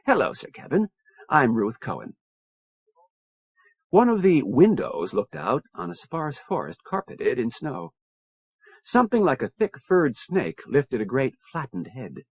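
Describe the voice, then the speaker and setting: A man reading a science fiction audiobook in measured storytelling narration, on a dull lo-fi cassette recording. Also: medium pitch, huge pitch swings, husky, no echo. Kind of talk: scripted narration.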